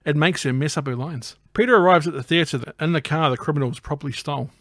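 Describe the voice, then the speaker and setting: Man narrating a film recap with deadpan jokes. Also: a little high, fast talker, no room sound, clean studio sound. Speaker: podcast host.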